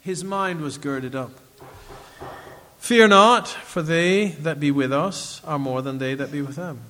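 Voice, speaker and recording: A man preaching a sermon in an animated way, chuckling as he reads scripture aloud to his listeners. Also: a little high, normal speed, in a large hall.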